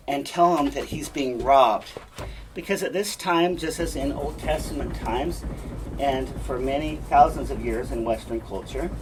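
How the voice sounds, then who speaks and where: A man's voice: medium pitch, slight background noise. A male teacher giving a classroom lecture. He explains step by step and often checks in with the class.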